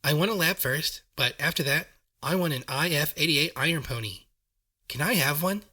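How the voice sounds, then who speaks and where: Brief: man doing a brash young unicorn mare heroine, urgent and loud, lightly lifted pitch, bright tone. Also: moderate pace. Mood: eager. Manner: urgent, demanding.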